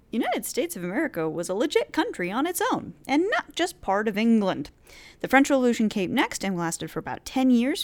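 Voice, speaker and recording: Woman host, lowish and very lively pitch, casual chatty history lecture, playful asides. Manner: chatty, playful, many "uh" fillers.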